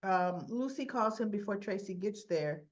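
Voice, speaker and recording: A woman casually recapping a soap opera episode, retelling the scenes in a chatty, animated way and slipping into quick character voices. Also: medium pitch. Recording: slightly muffled lo-fi audio.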